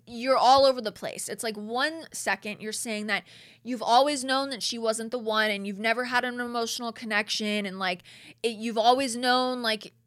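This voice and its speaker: A woman's voice: a little high, a bit bright, dry recording, studio quality. A woman hosting a podcast in casual chat, opinionated and chatty with many filler words. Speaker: podcast host recapping a reality show.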